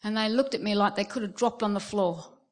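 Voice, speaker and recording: At medium pitch and a fairly quick pace, a middle-aged woman with an Australian accent delivers a sermon. She narrates stories in an animated way, imitating the voices of the people involved.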